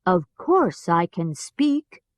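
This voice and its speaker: A woman's voice: fairly low pitch, sing-song, slow, dry recording, studio quality. A woman with an American accent voicing a friendly talking scarecrow in a storybook, dropping her voice a little. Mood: calm.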